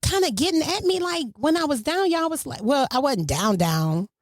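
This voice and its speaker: A middle-aged woman hosting a casual family podcast, telling a story with lively, swinging emphasis. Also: moderate pace. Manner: animated, storytelling, swings pitch widely for emphasis. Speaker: podcast host.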